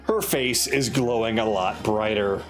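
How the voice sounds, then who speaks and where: A man's voice: on the low side, measured pace, a bit bright, soft background music. A man narrating as dungeon master of a tabletop game with friends, casual and laughing often, with some swearing.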